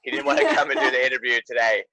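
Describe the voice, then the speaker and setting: A man's voice: medium pitch, fairly even intonation, very fast, pushed and bright, no echo. A man, a comedian guest, chatting in a laid-back, chuckling way. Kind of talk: casual chat.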